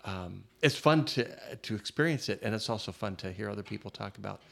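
Working out each idea as he goes, a podcast host interviewer talks in a low, gravelly, fry-heavy voice. His manner is thoughtful and halting, with filler-filled pauses, in a relaxed conversational interview.

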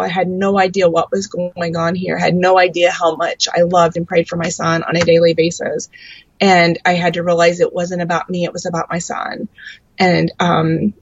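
Woman guest, faith testimony, earnest, halting, gravelly voice, dull lo-fi sound. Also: on the low side, no echo. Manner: earnest, halting with frequent ums. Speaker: interview guest, mother.

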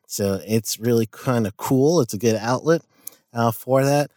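A man's voice: mid-range voice, unhurried, a little mellow, dry recording, clean studio sound. Blunt, profane man guest-hosting. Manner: blunt, profane, laughing asides. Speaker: guest host. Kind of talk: casual podcast monologue and rant.

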